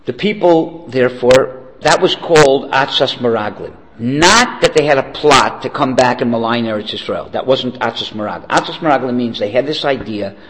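A man's voice: mid-range voice, animated, normal speed, few pauses, fairly bright tone, in a large hall, rough recording. A man giving a Torah lesson in a conversational way, asking rhetorical questions and telling a joke along the way. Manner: conversational, asks rhetorical "okay?". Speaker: Torah teacher. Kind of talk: lecture with story and jokes.

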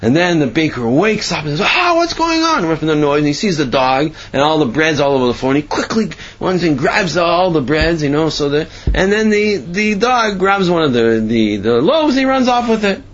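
A man's voice: on the high side, moderate pace, few pauses, highs cut off. A man giving a sermon and telling parables, asking himself questions as he goes. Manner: storytelling, animated, asks himself questions.

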